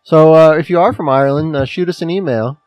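A man's voice: fairly high pitch, fast, no echo, lo-fi sound, soft background music. A man with a Midwestern accent co-hosting a podcast in casual, joking chat, laughing often. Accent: American Midwestern. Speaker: podcast co-host.

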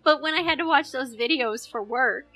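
A woman's voice: high-pitched, normal speed, pushed and bright, soft background music. A woman co-hosting a podcast, chatting casually and laughing easily. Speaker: podcast co-host. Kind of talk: casual chat.

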